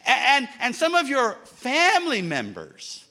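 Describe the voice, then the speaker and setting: A man's voice: extremely high pitch, wildly swooping pitch, measured pace, sharp tone. A man preaching a sermon, emphatic, with humorous asides.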